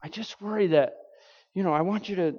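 A man's voice: high-pitched, brisk, a little mellow, slightly rough, pitched above the performer's own voice. A male pastor voicing his worried, churchgoing mother, fretful and repeating herself. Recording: dull reverberant hall recording.

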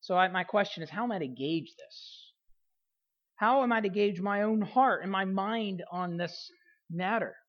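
A woman pastor preaching a sermon, repeating key phrases for emphasis and letting her voice fall softly at the end of phrases. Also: mid-range voice, measured pace, dull audio.

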